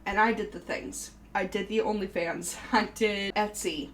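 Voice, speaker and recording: A woman's voice: medium pitch, fairly even intonation, normal speed, fairly bright tone, a little hiss or hum, poor audio. A woman in her thirties hosting her own podcast, talking candidly in a casual, chatty way with frequent fillers. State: briefly tearful. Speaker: podcast host. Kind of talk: casual solo podcast chat.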